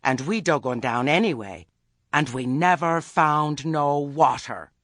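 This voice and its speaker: A man's voice: a little high, expressive, a little slow, fairly bright tone, no room sound, studio quality, pitched above the performer's own voice. A man voicing a nervous, respectful villager with a rustic, hesitant way of talking.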